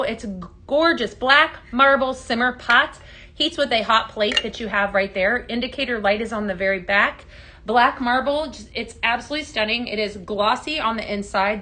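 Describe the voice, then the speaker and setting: A woman with a bright, clear voice pitched a little high hosts a live sales stream. She sounds upbeat and chatty, calling out viewers by name and filling pauses with easy fillers. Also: slight background noise.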